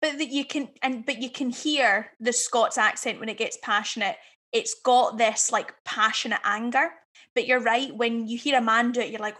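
A woman with a slightly high voice chats casually. She is blunt and swears freely. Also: steady tone, moderate pace, fairly bright tone. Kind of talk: casual podcast chat.

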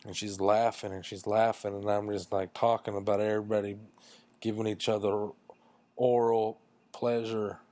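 A man's voice: on the low side, flat delivery, normal speed, darkish tone, no room sound. A man casually telling a crude, self-mocking comic story in a rambling way.

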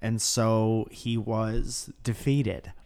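A man's voice: fairly low pitch, fairly even intonation, extremely slow, darkish tone, clear, resonant tone. A man co-hosting a casual chat show at home, telling jokey rambling stories. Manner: joking, rambling storyteller. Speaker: podcast co-host. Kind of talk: casual banter. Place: home in Los Angeles.

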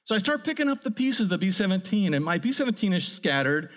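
Middle-aged male pastor, high voice, lively storyteller building to excited peaks. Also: quick pace. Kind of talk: sermon with a personal story.

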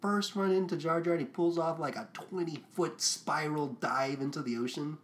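A man's voice: on the high side, moderate pace. A young man co-hosting a casual podcast, rambling with lots of fillers and swearing. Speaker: podcast co-host.

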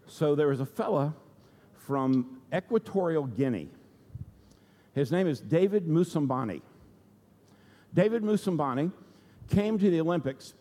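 A male pastor with a notably high voice tells a sermon story in a chatty, conversational manner, often checking in with his listeners. His voice rings out with a long reverb, as if it were recorded in a large church sanctuary. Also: mellow. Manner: conversational, asks the audience "okay?" and "right?".

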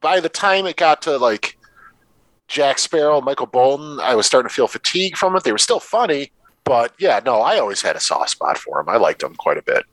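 A man's voice: medium pitch, sing-song, fairly quick, fairly bright tone, no echo, rough recording. A man in his thirties co-hosting a film podcast, giving blunt opinions and calling his friend dude. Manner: blunt, says dude, swears. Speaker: podcast co-host. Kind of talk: casual film review chat.

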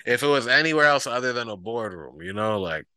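A man co-hosting a podcast in casual chat, telling stories in an animated way and acting out quotes. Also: medium pitch, brisk, smooth, no room sound. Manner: animated storyteller, acts out quotes. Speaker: podcast co-host.

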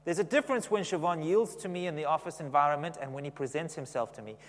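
A man's voice: fairly high pitch, quick pace, long reverb tail. A man preaching a sermon in a conversational way, often asking the congregation questions.

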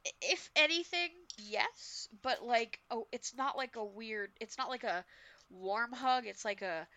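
A young woman from Massachusetts with a light Massachusetts accent, co-hosting a podcast in casual chat, animated and quick to laugh and swear. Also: a little high. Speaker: podcast co-host.

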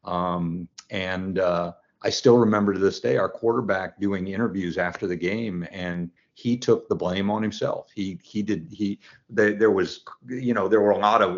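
A man's voice: low voice, fairly even intonation, moderate pace, few pauses. A man in his sixties, a football coach, telling his story in an earnest, reflective way as an interview guest. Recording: dull lo-fi sound.

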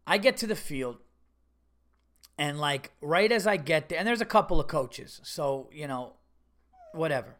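A middle-aged man hosting a podcast, telling a story in a casual, animated and exasperated way, swearing freely. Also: fairly high pitch. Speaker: podcast host.

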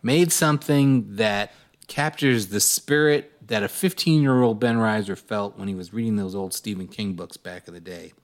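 A man's voice: on the low side, normal speed. A man hosting a podcast, teasing and arguing playfully with his co-hosts. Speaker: podcast host. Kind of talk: casual chat.

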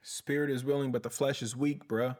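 A man's voice: medium pitch, steady tone, brisk, a little mellow. A male comedian hosting his podcast, ranting in a heated, profane way and often tossing in "bruh". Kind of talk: casual comedic rant.

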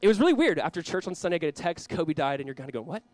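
An earnest male pastor from Southern California delivers his sermon in a chatty, storytelling way, his voice sitting a little high for a man. The sound is dry and close, with no room around it. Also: very animated, racing, dry recording. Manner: earnest, conversational, swings from loud reading to quiet prayer; storytelling with self-deprecating asides.

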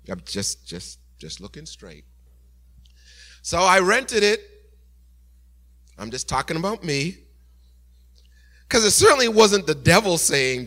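A pastor preaching a sermon and telling a story, animated, with sudden soft, quiet asides. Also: male voice, fairly high pitch, a little slow, pauses often.

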